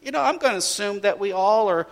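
A man preaching a sermon, telling a family story in an animated way and acting out his children's voices. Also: high-pitched, fast, long reverb tail. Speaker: pastor.

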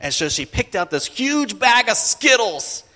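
A man preaching a sermon, telling a family story in an animated way and acting out his children's voices. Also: extremely high pitch, unhurried, long reverb tail. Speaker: pastor.

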